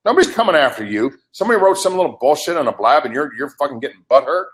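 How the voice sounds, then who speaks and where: A man's voice: a little high, animated, racing. An older man in a heated live webcast argument, ranting in an agitated, profane way. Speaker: livestream participant.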